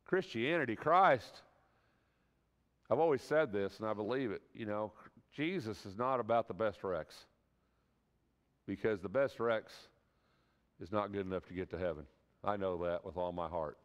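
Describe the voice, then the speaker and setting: A man's voice: on the low side, normal speed, pauses often, smooth, long reverb tail, muffled recording. A man teaching a church class in a conversational sermon style, earnest and folksy, often asking the class rhetorical questions.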